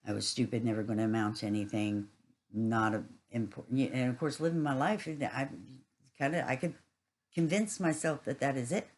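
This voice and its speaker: A woman's voice: rumbling low, a little fast, a little mellow, rough recording. A woman giving a rambling, casual spiritual monologue, earthy and swearing freely.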